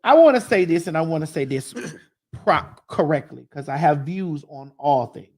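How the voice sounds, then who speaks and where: A woman's voice: low voice, lively intonation, moderate pace, a little mellow, breathy edge. A woman hosting a reaction commentary, making her points emphatically and repeating them for weight. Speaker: host.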